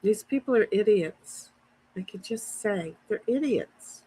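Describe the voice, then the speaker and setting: A woman's voice: mid-range voice, lively intonation, measured pace, warm tone, breathy edge, low-quality recording. A woman chatting casually outdoors to viewers on a livestream, rambling as she answers comments from her chat on a phone. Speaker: livestream host. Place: outdoors in a backyard.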